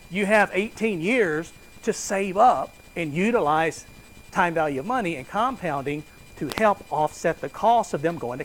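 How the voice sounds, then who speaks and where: A man lectures a classroom in a relaxed, conversational way, quizzing the room and tossing in jokes. His voice sits a touch higher than most men's. A faint hiss hangs under the recording. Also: rough recording. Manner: conversational, asks students questions and jokes. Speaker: finance lecturer.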